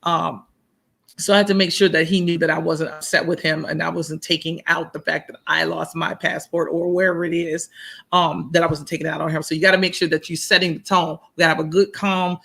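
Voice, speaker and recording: A woman co-hosting a marriage coaching live chat, with a bright, forceful tone. Her delivery is casual and animated. She slips into little acted-out bits of dialogue and hammers her points home through repetition. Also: sits low, fairly quick, gravelly. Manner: animated, acts out quoted dialogue, repeats points for emphasis.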